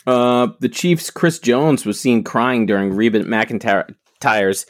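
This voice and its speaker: A man's voice: medium pitch, lively intonation, slow, no echo. A man co-hosting a comedy podcast, with a voice that rises and falls animatedly. He reads out news items and tacks on sarcastic quips. The recording is dry and close-miked. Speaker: podcast co-host. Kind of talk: casual comedic banter.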